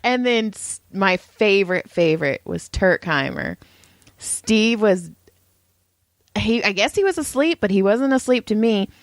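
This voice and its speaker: A woman's voice: mid-range voice, lively intonation, measured pace, no room sound, clean studio sound. A woman co-hosting a podcast, telling stories in a casual chat, laughing often and acting out quotes. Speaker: podcast co-host.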